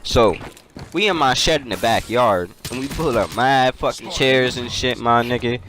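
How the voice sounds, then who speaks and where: A man's voice: mid-range voice, moderate pace, fairly bright tone. A young man telling a story in a loose, slangy way while playing a game, laughing often. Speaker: gaming YouTuber. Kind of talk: casual storytelling over gameplay. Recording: game gunfire noise behind voice. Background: video game gunfire and clicks.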